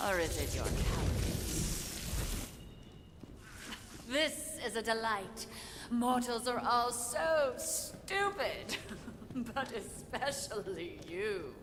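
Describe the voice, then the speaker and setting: A gloating possessing spirit. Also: female voice, mid-range voice. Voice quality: mocking, drawling. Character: possessing evil female spirit, smug and gleeful. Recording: game audio with long reverb and noise.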